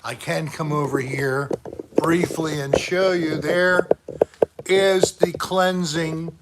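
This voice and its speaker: A man's voice: fairly high pitch, steady tone, slow, very noisy. A man hosting a casual livestream chat, joking and trying bad accents when asked. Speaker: host.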